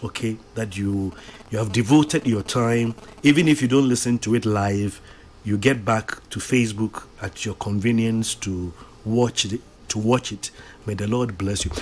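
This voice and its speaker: A man's voice: medium pitch, slight background noise. A man with a Ghanaian accent giving a daily devotional sermon on the radio, mixing English and Twi and repeating key lines for emphasis. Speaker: radio preacher.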